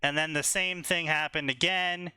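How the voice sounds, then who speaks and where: A man's voice: a little high, steady tone, normal speed, bright, forceful tone, clear, resonant tone, no room sound. A man casually reading fanfiction aloud and summarizing it with sarcastic asides and lots of fillers. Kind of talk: casual comedic reading and commentary.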